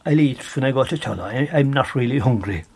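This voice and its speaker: A man's voice: medium pitch, animated, fast, a little mellow, breathy edge. A man doing a stammering flustered Irish farmer. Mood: nervous. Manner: stammering, nervous.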